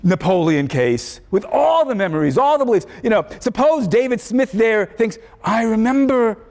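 A man gives a conversational university philosophy lecture, thinking out loud and correcting himself along the way in a thoughtful manner. His high, sing-song voice is slightly creaky and a little mellow, at a normal speed. Long lecture-hall reverb trails his words.

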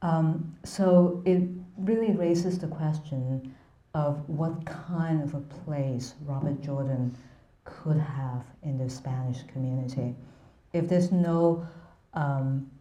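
Low-voiced woman lecturing, roomy echo. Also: slow pace, warm tone, dull audio. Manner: hesitant, frequent ums and restarts. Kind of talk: academic lecture.

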